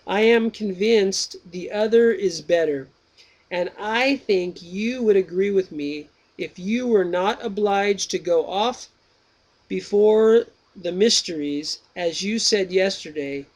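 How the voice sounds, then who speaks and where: A man voicing the philosopher Socrates, reading his questions slowly and deliberately. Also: sits high, voice pushed up. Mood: probing. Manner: slow, measured, drawn-out reading. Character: Socrates, old male Greek philosopher, patient questioner.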